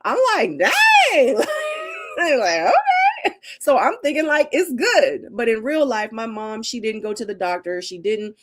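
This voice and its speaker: A middle-aged woman hosting a casual live Q&A and reading viewer comments. She talks in an animated, emotional way. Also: a little high, moderate pace. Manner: animated and emotional, acts out her own quotes with laughter. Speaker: livestream host.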